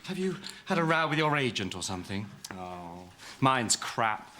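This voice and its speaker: A fussy luvvie actor. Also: male voice, lowish voice, sing-song, moderate pace. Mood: chatty. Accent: English. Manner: chatty, luvvie, self-absorbed. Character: fussy theatrical male out-of-work actor. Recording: loud noise in sitcom clip audio.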